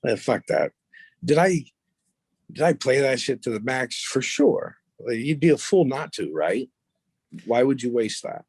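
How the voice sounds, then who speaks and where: A man's voice: mid-range voice, very animated, unhurried, a little mellow, slightly rough, no room sound. A man as a podcast guest, telling stories in a blunt, profane, boastful way. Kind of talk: casual storytelling interview.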